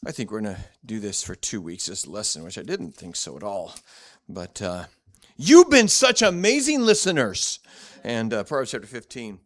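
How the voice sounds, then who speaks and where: A man's voice: fairly low pitch, big pitch swings, moderate pace. A man teaching a church Bible class in a blunt, direct, conversational way, often restarting and repeating words.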